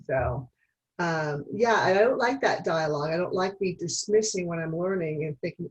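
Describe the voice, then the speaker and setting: A woman's voice: on the low side, normal speed, lo-fi sound. A woman on a coaching call, reflecting aloud and talking through her inner dialogue. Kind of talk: casual reflective talk on a call. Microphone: video call.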